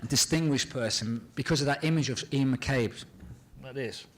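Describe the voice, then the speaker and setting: A man answering fan questions at a convention panel, animated and excitable, often acting out scenes and laughing as he talks. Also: mid-range voice, moderate pace. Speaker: actor guest at a fan panel. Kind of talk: casual panel Q and A.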